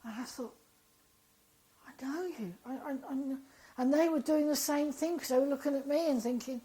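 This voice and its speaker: A woman, an interview guest, telling a personal story in a lively, animated way and acting out the dialogue she quotes. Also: sits high, brisk, poor audio.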